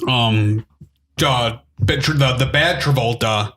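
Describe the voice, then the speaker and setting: A man's voice: medium pitch, slow, a bit bright, a little hiss or hum. A man co-hosting a casual movie review podcast, rambling through scenes and acting out lines in funny voices. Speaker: podcast co-host.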